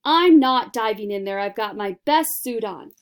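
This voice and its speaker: A woman's voice: fairly high pitch, animated, normal speed, smooth, natural voice. Storybook: woman reader as a stuffy father, dry and unruffled.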